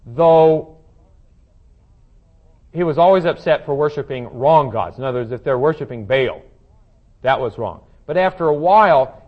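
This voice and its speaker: Heard through a muffled recording, a fairly high-pitched man teaches scripture verse by verse in a Bible study. He talks it through conversationally, thinking aloud, with plenty of fillers and restarts.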